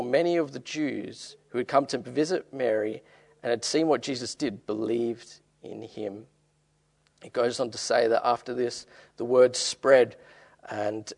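A man's voice: mid-range voice, creaky, a little mellow. A man preaching a sermon as pastor, reading scripture verses aloud and then explaining them in plain everyday talk.

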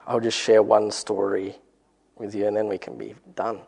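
A man with an Australian accent preaching a relaxed, encouraging sermon and telling a story in a conversational way. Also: on the low side, normal speed, gravelly, slightly rough.

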